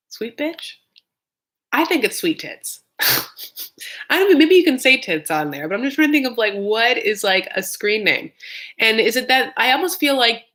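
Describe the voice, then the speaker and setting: A woman's voice: mid-range voice, sharp tone. A woman in her thirties giving a casual live reaction recap of a reality show, chatty and sarcastic, filling her talk with "like". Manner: chatty, sarcastic, heavy use of "like".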